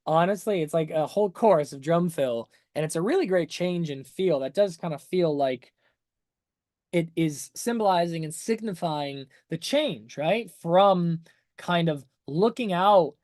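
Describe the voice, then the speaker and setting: A man's voice: fairly high pitch, lively intonation, a little slow, a little mellow, dry recording, studio quality. Chatty man breaking down a song. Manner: chatty and enthusiastic, full of "like" and "right?"; explains music terms to viewers. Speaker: music analysis streamer. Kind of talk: casual livestream song breakdown.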